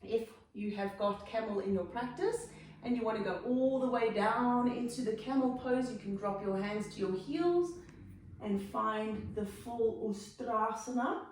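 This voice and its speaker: A South African woman leading a yoga class, giving calm, encouraging cues and gentle options. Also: on the high side, moderate pace, slight background noise. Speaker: yoga instructor. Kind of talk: guided yoga class instruction. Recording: very echoey room, from a distance.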